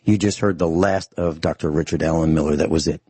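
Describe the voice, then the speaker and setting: Man, radio talk host, very low voice, husky, stern emphatic monologue. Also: fairly even intonation, a little fast, dark tone, no room sound. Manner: stern, emphatic, repeats his points.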